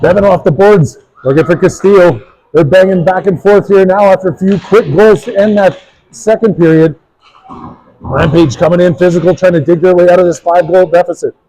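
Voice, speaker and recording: A man doing play-by-play for a youth hockey game, brisk and joking, reading sponsor spots between plays. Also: high voice, warm tone, rough recording. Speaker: play-by-play commentator.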